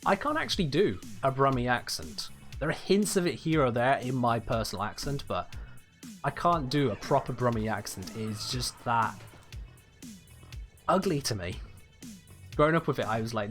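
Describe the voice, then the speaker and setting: A young man with a Southern English accent chats easily at his desk mic, answering viewers while he plays. His voice sits at an ordinary middle pitch. Soft game music runs quietly underneath. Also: animated, normal speed, long pauses. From Birmingham, England. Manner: chatty, reads and answers viewer chat while playing. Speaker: gaming streamer. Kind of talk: casual live-stream chat.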